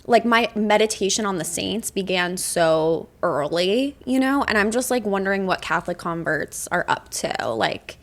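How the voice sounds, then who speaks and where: A woman's voice: medium pitch, moderate pace, few pauses. A woman co-hosting a podcast, musing in casual chat with trailing phrases. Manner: musing, trailing phrases with frequent "you know". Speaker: podcast co-host.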